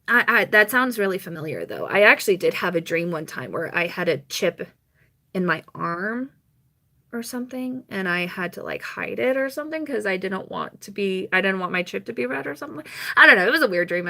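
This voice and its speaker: A young woman chatting on a live stream, telling a rambling personal story with quick laughs and mock quotes. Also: medium pitch, sharp tone.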